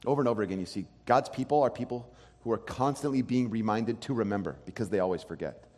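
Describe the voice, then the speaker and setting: A man preaching a sermon as pastor, animated, acting out quoted voices. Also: on the low side, quick pace, in a large hall.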